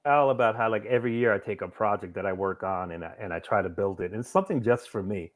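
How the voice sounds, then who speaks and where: A man's voice: lowish voice, quick pace, few pauses, faint music behind. A man from New York, a guest comic creator, talking in an earnest, reflective and encouraging way in a casual interview.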